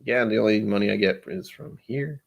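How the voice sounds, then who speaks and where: Talking a little fast with vocal fry in his fairly low voice, a male livestream host chats casually over drinks. His talk rambles, full of jokes and self-deprecation.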